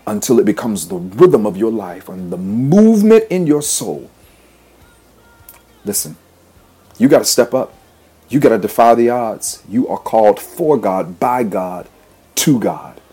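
Rhythmic, emphatic repetition drives this motivational sermon, in which a preacher and podcast host leads his listeners through affirmations. His pitch is fairly low, and his voice is mellow and husky.

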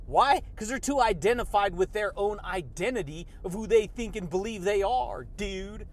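A man's voice: high-pitched, lively intonation, normal speed. A man hosting a motivational podcast, hyped and repetitive, calling his listeners buddy and baby. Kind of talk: fired-up motivational monologue.

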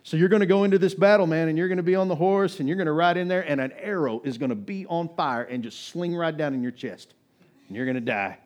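A man's voice: on the high side, quick pace, voice pushed up, lightly acted. A male pastor voicing a blunt, sarcastic biblical prophet in casual modern speech. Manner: casual, plain-spoken retelling.

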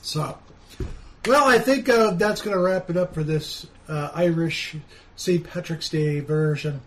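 A man's voice: fairly high pitch, measured pace, fairly bright tone. A man co-hosting a podcast in casual chat. He is easygoing and hesitant, with plenty of ums and uhs. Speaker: podcast co-host.

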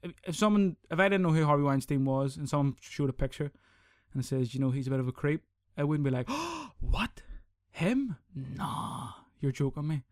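A man's voice: mid-range voice, a little fast, no room sound, clean studio sound. A young man hosting his own podcast, ranting casually and swearing a lot. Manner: sweary, rambling, animated. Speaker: podcast host. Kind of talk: casual solo podcast rant.

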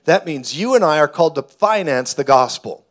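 Male preacher, fervent sermon delivery with shouting peaks, mid-high voice. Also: animated, moderate pace. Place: church hall before a congregation.

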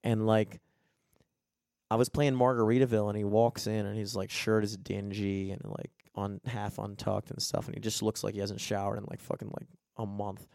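A young man, chatting casually as a podcast co-host and telling stories in a profane, animated way. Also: fairly low pitch, normal speed, gravelly, no echo, studio quality. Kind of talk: casual chat.

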